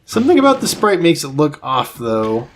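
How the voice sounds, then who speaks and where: A man's voice: fairly high pitch, normal speed, a little hiss or hum. A man hosting a let's play, casually explaining the game as he plays. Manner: relaxed, explains gameplay as he goes. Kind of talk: casual gaming commentary.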